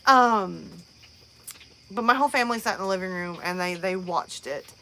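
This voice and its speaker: A woman's voice: lowish voice, moderate pace, sharp tone. Woman host, chatty live-stream rambler, restarts a lot, faint background noise. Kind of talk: casual live-stream chat.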